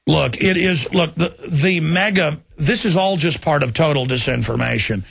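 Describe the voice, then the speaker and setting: A combative talk radio host, a man in his thirties with a Texan accent, and his voice is gravelly and husky. He talks fast, repeats himself, and sits a touch high for a man. The studio sound is dry and close. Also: fairly bright tone, no echo. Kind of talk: talk radio monologue and call-in. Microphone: studio microphone.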